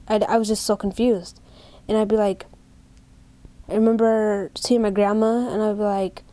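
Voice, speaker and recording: Young woman, documentary interview, storytelling with quoted dialogue, mellow tone, dry sound. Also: medium pitch, little pitch movement, normal speed, dry recording. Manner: storytelling, acting out quoted exchanges. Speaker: brain injury survivor interviewee.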